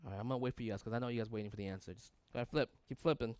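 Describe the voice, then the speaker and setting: A man's voice: mid-range voice, very fast, darkish tone, smooth, no echo. A male pastor preaching a sermon in a conversational way, asking his listeners rhetorical questions and building long emphatic lists.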